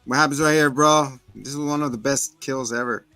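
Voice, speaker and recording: A man co-hosting a podcast, retelling film scenes in an animated, slangy way. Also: medium pitch, brisk, clean tone, no room sound, faint music behind. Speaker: podcast co-host reviewing a film. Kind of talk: casual chat.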